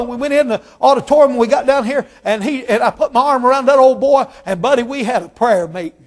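A male pastor with a strikingly high voice for a man. He tells a story from the pulpit, emphatic and dramatic, rising to shouts and dropping to near-hushed tones. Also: expressive, brisk, hardly any pauses. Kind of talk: storytelling sermon.

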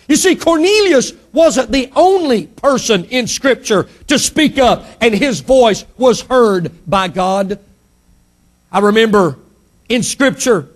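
A male pastor delivering a Sunday sermon to his church, emphatic, dropping soft and then rising loud. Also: extremely high pitch.

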